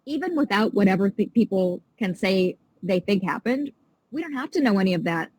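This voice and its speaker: A woman's voice: mid-range voice, lively intonation, brisk, a little mellow, husky, dry recording, poor audio. A woman guest on a podcast, talking in a passionate, indignant and emphatic way in a casual interview.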